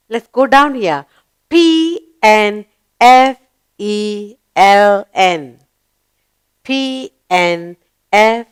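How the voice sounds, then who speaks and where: Slow, clear woman teaching children. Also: a little high. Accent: Indian English. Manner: spells out words letter by letter and coaxes children with questions. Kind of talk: children's spelling lesson.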